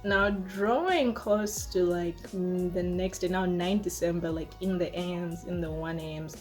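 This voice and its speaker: A woman in her twenties telling a personal story to camera in a casual, chatty way, full of fillers and lively re-enactments. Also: fairly low pitch, measured pace, soft background music. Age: 20s. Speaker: vlogger.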